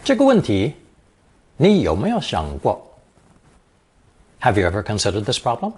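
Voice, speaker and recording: A man teaching a recorded language lesson, explaining example phrases slowly and carefully. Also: mid-range voice, huge pitch swings, a little mellow, husky. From lives in Taiwan.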